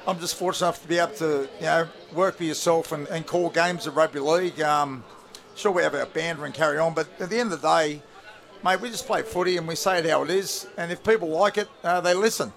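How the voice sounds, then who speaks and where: A man's voice: on the high side, quick pace, fairly bright tone. A man with an Australian accent, a former player and commentator, chatting casually on radio in a laid-back way with many fillers. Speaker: rugby league commentator, studio guest.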